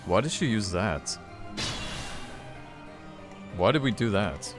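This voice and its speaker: Lively low-voiced man swearing over a game. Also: takes it slowly, music in the background. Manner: swearing, frustrated, exclaiming. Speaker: gaming channel host. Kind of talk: let's play commentary.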